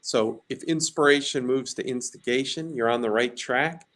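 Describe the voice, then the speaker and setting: A man's voice: medium pitch, moderate pace, fairly bright tone. A man co-hosting a talk show, speaking earnestly and driving home a message. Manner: earnest, emphatic, builds to punchy lines. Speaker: co-host.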